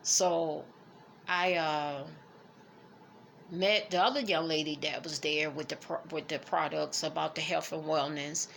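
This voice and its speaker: A middle-aged woman talks slowly in a personal vlog, her voice gravelly and full of fry. She speaks haltingly and emotionally, restarting her words as she fights back tears. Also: low voice, fairly even intonation, a bit bright, a little hiss or hum. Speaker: vlogger. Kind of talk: personal reflection to camera.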